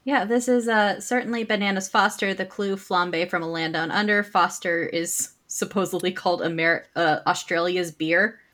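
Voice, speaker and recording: A woman's voice: lowish voice, normal speed, few pauses, fairly bright tone. A woman hosting a trivia game, reading questions aloud and playfully teasing the players.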